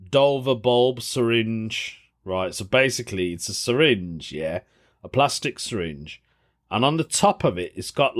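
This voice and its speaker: A man hosting a solo podcast, chatting casually, reading a news story aloud and reacting with amused disbelief. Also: medium pitch. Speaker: podcast host.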